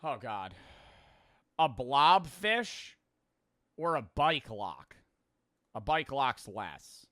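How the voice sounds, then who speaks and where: A young man in his twenties giving excitable live commentary as he plays a game, muttering low and then shouting, swearing freely. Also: extremely slow, long pauses. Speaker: gaming streamer. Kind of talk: live gaming commentary to chat.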